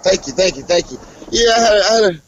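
A young adult man, a professional wrestler, talking casually in an interview and breaking into animated promo-style trash talk. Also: high voice, fast talker, dull audio, a little hiss or hum. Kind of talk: casual interview over a call.

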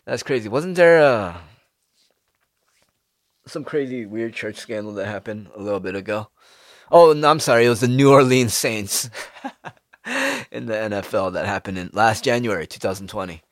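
Man, casual rant, profane, rhetorical questions, low voice, dry close sound. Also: moderate pace, long pauses, no echo. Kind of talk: casual ranting monologue.

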